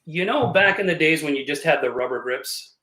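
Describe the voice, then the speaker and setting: A man's voice: fairly high pitch, expressive, fairly quick, bright, forceful tone. A man of around fifty, a podcast guest, telling jokey stories with plenty of laughs over a video call. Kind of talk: casual podcast chat. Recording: roomy echoey call audio.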